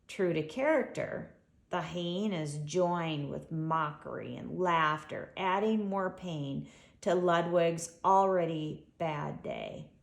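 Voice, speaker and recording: A woman reading her own children's story aloud in an expressive, unhurried way. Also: low voice, vocal fry. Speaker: author reading her book. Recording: echoey room.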